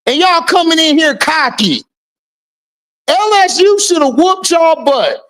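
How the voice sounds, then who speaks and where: Livestream host, high voice, slow drawn-out talk, loud teasing, casual chat. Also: expressive. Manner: loud, teasing, repeats taunts with bursts of laughter.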